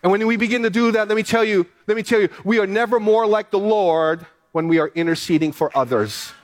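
A pastor preaching a sermon, reading scripture aloud and pressing points with earnest, repeated phrases. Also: male voice, high-pitched, brisk.

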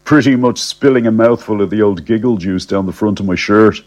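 A man telling a comic first-person story in a cheeky, deadpan, slangy way. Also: lowish voice, a little fast.

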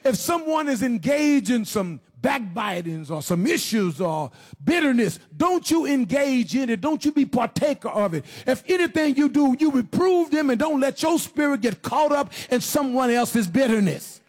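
A man delivers a sermon in a very high, husky voice. He puts direct questions to his listeners and swings between low, slow stretches and shouted, half-sung preaching. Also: very animated. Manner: rises into shouted, sing-song preaching, then drops low and slow; addresses the congregation with direct questions.

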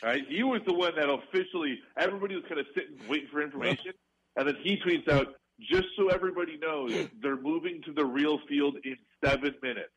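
Radio guy, kinda husky, rambly laughy sports chat into a studio mic. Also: fairly high pitch, fast, a bit bright, highs cut off. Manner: rambling, laughing, trailing off with fillers. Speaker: sports talk radio co-host. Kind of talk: casual radio banter.

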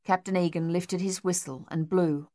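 A woman reads an audiobook in a steady, measured way. Her voice sits fairly low. The recording is dry and close, with no room sound. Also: no echo. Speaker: audiobook narrator. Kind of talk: scripted narration.

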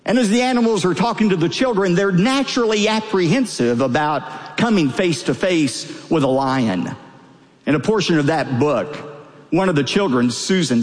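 A man delivers a sermon in a fairly high voice that swings widely between peaks and drops. His preaching is emphatic, pressing key words upward. A long reverb trails his words. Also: expressive, normal speed. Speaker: pastor.

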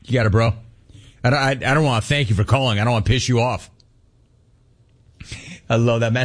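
A middle-aged man hosting a call-in radio talk show, ranting with energy and mimicking people in a high voice. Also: fairly quick, pauses often.

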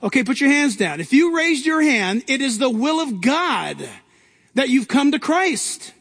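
High-pitched preaching man in a hall. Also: very animated, a little slow, creaky, a bit bright. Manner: emphatic preaching with rising outbursts. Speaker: pastor. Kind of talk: sermon.

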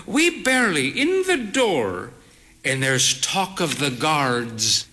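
A man voicing a frail, proud elderly woman who speaks in a dramatic, drawn-out, grandly affected way. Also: a little high, sing-song, sharp tone, slight background noise, full character voice. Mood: theatrical.

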